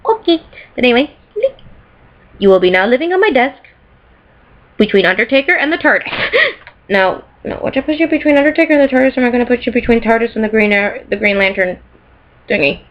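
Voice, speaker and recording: A woman vlogger chatting casually and excitedly about things she bought, rambling and giggling, recorded in a bedroom. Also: on the high side, a little fast, long pauses. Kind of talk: casual chat showing off purchases. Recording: slightly dull lo-fi sound.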